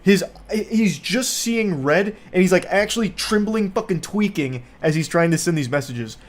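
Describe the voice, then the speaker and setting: Dry sarcastic guy reading texts out loud, kinda high voice, swears a lot. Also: moderate pace. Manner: sarcastic, profane, deadpan mockery. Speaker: host. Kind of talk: commentary reading text messages.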